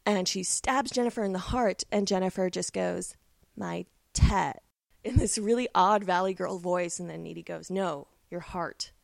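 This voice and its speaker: A woman's voice: lowish voice, normal speed, gravelly, few pauses, no echo. A woman co-hosting a film podcast, giving enthusiastic, analytical takes with casual swearing. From Canada. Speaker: podcast co-host.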